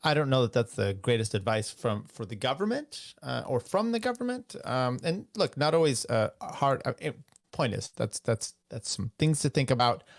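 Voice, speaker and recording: Gravelly-voiced podcast host, loose and rambling. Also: male voice, medium pitch, big pitch swings, normal speed, no room sound, clean studio sound. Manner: loose, rambling, many uh fillers. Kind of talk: casual podcast commentary between clips.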